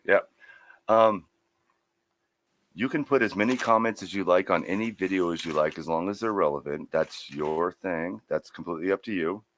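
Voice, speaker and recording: A man's voice: low-pitched, moderate pace, a bit bright, a little hiss or hum. A man co-hosting a casual livestream chat over a video call, teasing at times and businesslike when he sets out the rules. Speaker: co-host.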